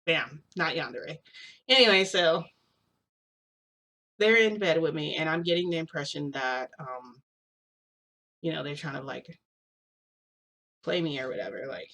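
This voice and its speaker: Bright-voiced young woman rambling casually. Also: low voice, measured pace, pauses often. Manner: rambling, heavy use of "like", frequent restarts. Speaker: vlogger. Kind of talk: casual storytelling.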